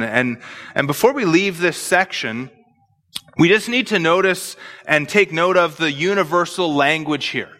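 A man's voice: fairly high pitch, lively intonation, unhurried, sharp tone, long reverb tail. A man preaching an expository sermon, earnestly explaining scripture verse by verse.

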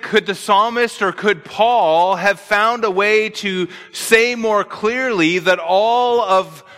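A man's voice: sits high, pushed and bright, in a large hall. A man preaching an expository sermon, earnestly explaining scripture verse by verse.

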